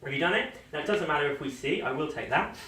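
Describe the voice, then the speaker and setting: A man with a fairly high voice gives playful, teasing magic patter. He talks a volunteer through the trick. The sound is echoey, with faint background hiss, and he stands off mic. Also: animated, fast talker, bright, forceful tone. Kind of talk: live magic-show patter. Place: indoor venue. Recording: echoey room, mic at a distance.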